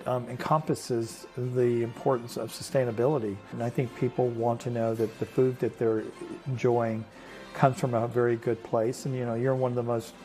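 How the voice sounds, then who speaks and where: A male chef answers in a news interview at a mid-range pitch. He speaks earnestly, circling back and restarting his phrases. Quiet music sits underneath.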